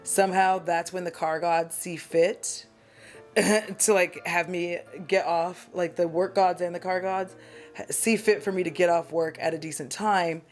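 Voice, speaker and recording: Soft background music accompanies a woman with a lowish voice and fairly even intonation who speaks unhurriedly. She does her makeup at home for a casual get-ready-with-me vlog, rambling and chatting candidly with self-deprecating humor as a beauty vlogger.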